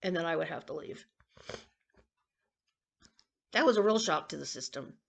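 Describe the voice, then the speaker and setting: A woman in her sixties rambling and confiding in a casual personal vlog, with coughs and throat-clearing. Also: lowish voice, expressive, normal speed. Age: 60s. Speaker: vlogger.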